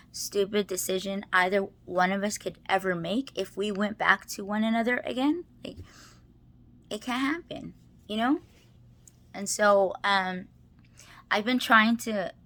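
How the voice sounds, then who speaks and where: A woman's voice: medium pitch, measured pace, a bit bright. A married woman talking to camera in a rambling, confessional monologue, full of restarts and filler words and often close to tears. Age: adult, married. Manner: rambling, restarts, many "like"s, tearful laughs. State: emotional, near tears. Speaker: personal vlogger.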